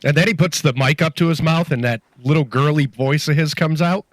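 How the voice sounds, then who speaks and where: Man, slightly high voice, dry close sound, blunt, swearing, casual chat. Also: no room sound. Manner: blunt, swearing, quick agreeing asides. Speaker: podcast co-host. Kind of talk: casual wrestling review chat.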